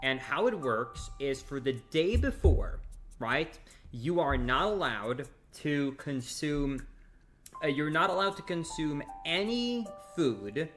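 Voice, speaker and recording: A young man streaming, telling a long story to his chat in a casual, animated way, acting out the other people. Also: a little high, slow pace, faint music behind. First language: not English. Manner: animated, quotes others in acted voices.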